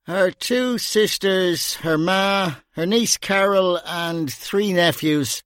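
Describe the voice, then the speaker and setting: A man plays an Irish police sergeant calling in over a walkie-talkie, listing details slowly and flatly. Close, dry sound. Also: high-pitched, clean tone, no room sound, voice pushed up. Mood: matter-of-fact.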